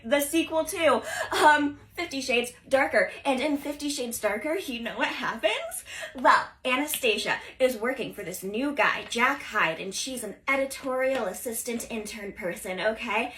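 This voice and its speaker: A young woman retelling movie scenes in casual, animated commentary full of filler words. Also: a little high, a little hiss or hum, poor audio. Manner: animated, fast-talking, lots of filler words. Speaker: social video creator.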